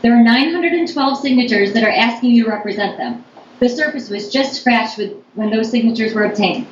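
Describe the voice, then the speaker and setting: Woman, fairly high voice, emphatic public comment, echoey room, lo-fi audio. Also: brisk. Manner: earnest, emphatic. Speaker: public commenter, planning board member. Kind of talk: reading a prepared public comment. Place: town board meeting room. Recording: echoey meeting room, dull lo-fi audio, faint noise.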